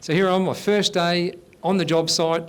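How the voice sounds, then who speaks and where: Brief: Australian male comic, fifties, fairly high for a man, deadpan stand-up host on a live stage. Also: normal speed, clean tone. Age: 50s. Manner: deadpan storytelling with blokey banter. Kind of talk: stand-up comedy set.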